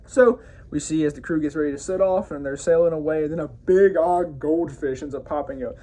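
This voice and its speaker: A man's voice: fairly high pitch, fairly quick, mellow. A man hosting his own review show, giving a loose, casual recap of an episode with frequent self-corrections and enthusiastic asides.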